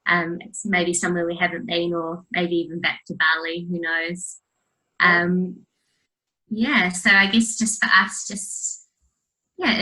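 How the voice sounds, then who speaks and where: A woman's voice: lowish voice, bright, forceful tone, rough recording. A young woman, talking earnestly as a coaching guest in a casual interview, with many fillers. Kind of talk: casual interview chat over video call.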